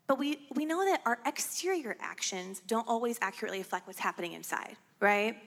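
A woman's voice: fairly high pitch, animated, a little fast, vocal fry, fairly bright tone. A woman whose first language is Farsi, preaching a sermon in a conversational way with frequent tag questions. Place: church.

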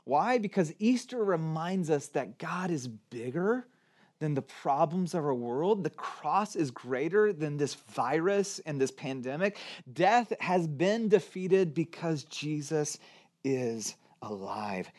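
A man's voice: a little high, expressive, slow pace, a little mellow. A man, a pastor, giving a conversational and earnest Easter sermon to a livestream audience, with fillers and restarts.

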